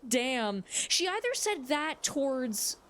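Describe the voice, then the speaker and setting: A woman's voice: high-pitched, sing-song, slow pace, fairly bright tone. A young woman streamer chatting casually while she plays a game, rambling frankly and swearing freely. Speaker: gaming streamer.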